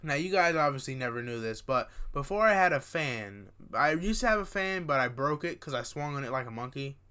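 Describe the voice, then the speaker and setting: A young man casually telling a dream story to his viewers, tired and yawning at times, animated and rambling with restarts and asides. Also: mid-range voice, brisk, smooth. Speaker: vlogger.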